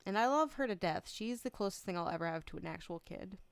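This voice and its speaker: A woman's voice: medium pitch, expressive, fast talker, vocal fry, clear, resonant tone, dry recording. A woman streamer chatting casually on a livestream, emotional and close to tears, laughing often and swearing freely. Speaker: VTuber streamer.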